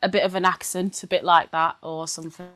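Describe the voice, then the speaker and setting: A young woman with an English accent, co-hosting a podcast in casual chat, who swears freely and tells stories in quick bursts. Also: fairly low pitch, level tone, a bit bright, no echo. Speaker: podcast co-host.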